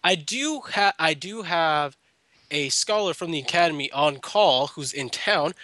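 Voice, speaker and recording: A man's voice: on the high side, animated, bright, forceful tone, dry recording. A man doing a courteous male official. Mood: formal. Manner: courteous, measured, bureaucratic. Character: formal male official recruiting mages for an academy.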